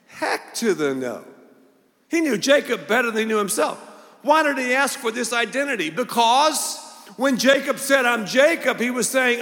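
A man with a fairly high voice delivers a lively sermon, acting out the voices in the story and driving his points home with repeated punchy phrases. His voice rings out with the long reverb of a large hall. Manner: animated, acts out voices and quotes, punchy repetition. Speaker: pastor.

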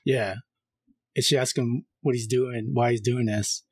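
A man co-hosting a film podcast, casually recapping a horror movie scene by scene and reading the caller's lines flatly. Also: mid-range voice, measured pace, breathy edge, no room sound. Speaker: podcast co-host.

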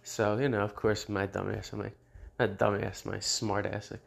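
A man's voice: lowish voice, flat delivery, normal speed, vocal fry, breathy edge. A man hosting his own show in a casual unscripted monologue, blunt and profane, often laughing at his own jokes. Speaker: show host.

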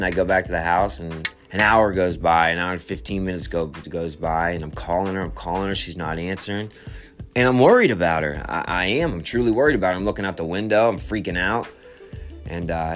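Low-voiced man, halting and reflective. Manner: halting, repeats words and restarts often; quiet, reflective storytelling. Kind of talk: personal testimony.

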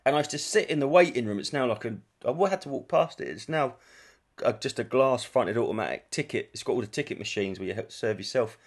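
A man's voice: medium pitch, animated, breathy edge. A man in his forties from England, a comedian talking casually and telling rambling stories with plenty of swearing and self-corrections. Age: 40s. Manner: chatty storyteller, swears freely, quick asides and self-corrections. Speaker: comedian and podcast host.

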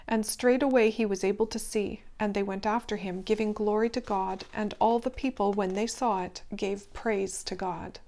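A woman reading scripture aloud in a calm, measured, gentle way, ending with a blessing for her listeners. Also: medium pitch. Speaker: devotional scripture reader.

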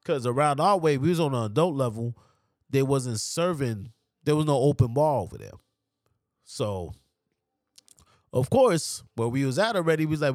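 A man from New telling a story casually, animated and profane, mimicking other people's voices. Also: medium pitch, normal speed, no echo, studio quality. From New York. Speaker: podcast guest.

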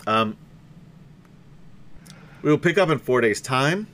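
A man's voice: medium pitch, lively intonation, takes it slowly, fairly bright tone. A man running a tabletop game who has the hiccups, laughing and swearing casually between narration. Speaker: game master.

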